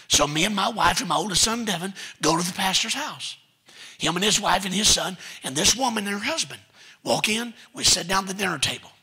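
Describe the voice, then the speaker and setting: A man preaching a sermon in a church, telling stories with folksy asides and building to shouted commands. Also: high voice, vocal fry, slightly rough. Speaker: guest preacher. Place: church sanctuary.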